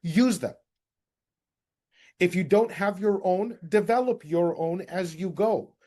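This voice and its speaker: Direct, energetic male sales coach. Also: sits high, takes it slowly. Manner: direct, energetic, addresses group as guys. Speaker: real estate sales coach. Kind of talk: coaching session lecture.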